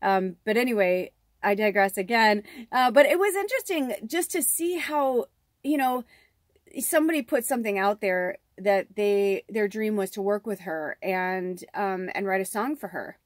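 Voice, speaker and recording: A middle-aged woman from Chicago's south suburbs talks through a spiritual reading in a loose, wandering way, drifting into side stories and dropping curse words without a second thought. Her voice sits at an ordinary middle pitch and is recorded dry and close, with no room sound around it. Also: lively intonation, normal speed, no room sound. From south suburbs of Chicago, USA. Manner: rambling, digressive, candid, swears freely. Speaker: tarot reader and medium.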